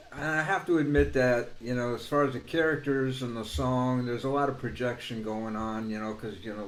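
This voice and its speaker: A man, a songwriter and performer, chatting casually before his song in his morning voice, relaxed and rambling with many fillers. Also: mid-range voice. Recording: echoey room with loud guitar.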